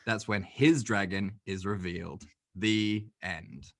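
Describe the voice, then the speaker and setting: A male podcast co-host talking through a movie in an animated, casual way. His voice sits a little low, and he swears freely as he recaps. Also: slow pace. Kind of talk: casual movie review chat.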